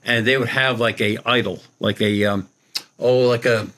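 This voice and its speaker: Bright-voiced man telling a long story. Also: mid-range voice, steady tone, moderate pace. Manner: rambling, retells dialogue with "she goes". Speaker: guest psychic medium. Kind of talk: casual storytelling.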